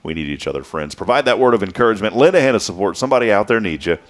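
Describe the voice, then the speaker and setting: A man's voice: fairly low pitch, expressive. A man hosting a local morning talk show, upbeat and jokey in casual on-air chat. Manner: upbeat, jokey, talks fast.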